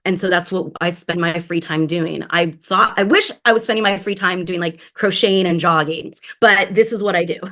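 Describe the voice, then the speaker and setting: Woman telling her story with animated flair. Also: lowish voice, moderate pace, hardly any pauses. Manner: animated, acts out quoted voices. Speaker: guest. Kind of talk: candid personal storytelling.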